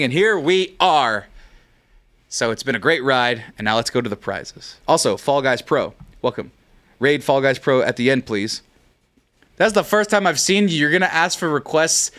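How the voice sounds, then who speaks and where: A man in his thirties from California hosts a livestream, joking, rambling, and swearing playfully in casual chat. His voice is medium-pitched and fairly bright, with lively intonation and a moderate pace.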